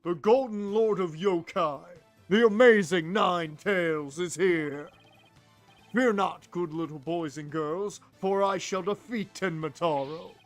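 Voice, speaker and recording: A man's voice: sits high, slow pace. A man voicing a grandiose, heroic male nine-tailed fox wrestler in a video game, with faint music behind him. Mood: boastful. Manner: grandiose, declamatory.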